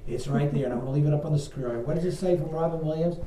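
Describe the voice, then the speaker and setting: A man, a pastor, leading a Bible study in a loose, animated teaching style and asking a helper to read verses aloud. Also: on the high side, very fast, slight background noise, rough recording. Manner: animated, talks straight to listeners and asks a helper to read verses.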